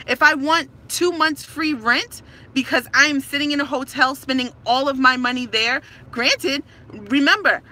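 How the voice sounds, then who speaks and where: A woman's voice: high voice, sharp tone. Frustrated woman ranting to her phone. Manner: frustrated, emphatic, repeats herself. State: stressed. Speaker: tenant filming a complaint. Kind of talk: ranting to camera.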